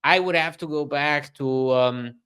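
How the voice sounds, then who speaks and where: A man's voice: a little high, unhurried, a bit bright, clean tone. A man co-hosting a podcast, chatting casually in a wry way, laughing easily and using many fillers. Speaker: podcast co-host.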